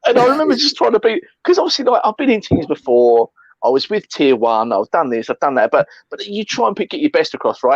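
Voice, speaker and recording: Animated man telling stories. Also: medium pitch, fast, no echo, lo-fi sound. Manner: animated storyteller, acts out others, swears. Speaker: co-host. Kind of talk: casual chat.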